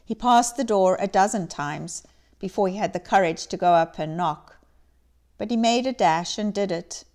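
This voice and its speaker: A woman giving an expressive, measured dramatic reading of a classic story. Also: medium pitch. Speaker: reader.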